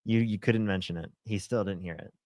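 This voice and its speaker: Lowish-voiced man pressing his point. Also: brisk, a little mellow, no room sound, clean studio sound. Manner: pressing, challenging. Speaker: debate host. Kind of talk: live debate stream.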